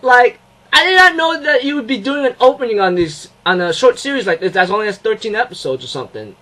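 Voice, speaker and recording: A young man giving a casual anime episode review, excitable and rambling, with many fillers and restarts. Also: very high voice, quick pace, low-quality recording.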